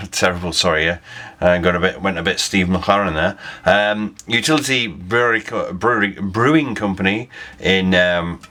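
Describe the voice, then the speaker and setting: A man's voice: deep voice, moderate pace, pushed and bright. A man talking casually as he reviews a beer on camera, rambling, correcting himself and chuckling at his own slips.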